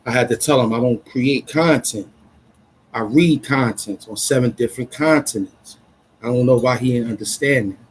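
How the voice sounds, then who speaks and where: A man's voice: medium pitch, normal speed, poor audio. New guy rambling on a stream, all hyped up, slang everywhere, bit of hiss behind him. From Brooklyn, New York. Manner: excitable, rambling, street slang. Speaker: vlogger. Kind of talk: casual livestream chat.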